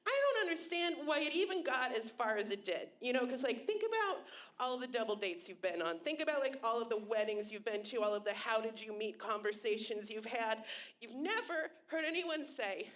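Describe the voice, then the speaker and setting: A young woman doing a stand-up comedy set on a club stage, deadpan and self-mocking with sudden loud bursts, on a handheld mic. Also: on the high side, moderate pace.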